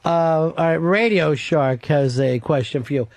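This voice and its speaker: A man's voice: on the high side, measured pace, a little mellow, slight background noise. A man hosting a talk radio show, telling stories and teasing guests in casual studio banter. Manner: wry storytelling, teasing. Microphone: studio mic.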